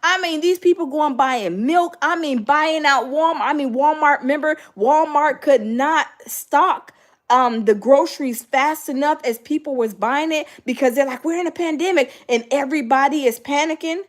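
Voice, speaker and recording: A middle-aged woman hosting a casual chat with live viewers, talking in an animated way, acting out other people's voices, with lots of fillers. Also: high-pitched, normal speed. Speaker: host.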